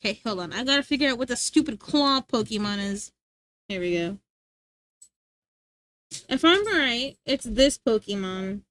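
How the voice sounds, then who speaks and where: A woman's voice: on the high side, lively intonation, moderate pace, long pauses, fairly bright tone, no room sound. A woman streamer chatting casually and playfully with her live chat, laughing often.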